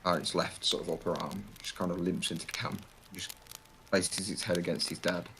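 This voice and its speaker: Male game master, very deep voice, rambling and descriptive narration. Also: little pitch movement, moderate pace, background noise. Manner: loose, descriptive, many fillers.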